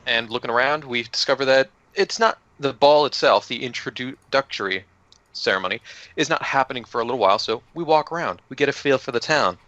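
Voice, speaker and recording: A man with a bright, forceful voice runs through last session's events for his tabletop group in a loose, joking way, cursing here and there. The sound is dry and a little dull, like a lo-fi recording. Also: medium pitch, fairly quick, no room sound. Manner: loose and joking, with swearing and laughs. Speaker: player recapping the last session. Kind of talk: casual recap of a tabletop game. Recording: dull lo-fi audio.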